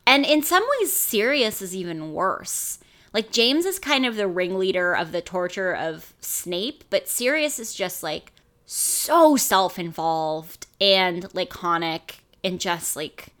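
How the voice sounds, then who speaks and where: A woman cohosting a podcast in casual chat, animated and full of fillers. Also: lowish voice, slow. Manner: animated, uses "like" a lot.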